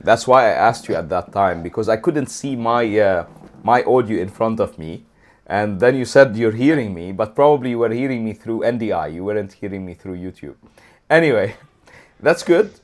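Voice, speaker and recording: A man co-hosting a casual livestream, talking in an animated, rambling way with many restarts, a throat lozenge in his mouth. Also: fairly low pitch, brisk. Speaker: co-host.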